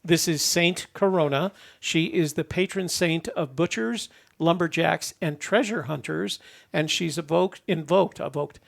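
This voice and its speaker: A man's voice: fairly high pitch, creaky. A man in his seventies, co-hosting a live stream, rambling and correcting himself as he tells stories and laughs at himself. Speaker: co-host. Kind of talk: casual live-stream chat.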